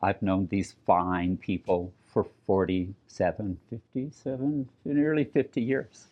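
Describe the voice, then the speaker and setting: Older man, from New Mexico, low voice, earnest, reflective storytelling, frequent pauses. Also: fairly even intonation, muffled recording. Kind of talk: personal storytelling talk. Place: community event.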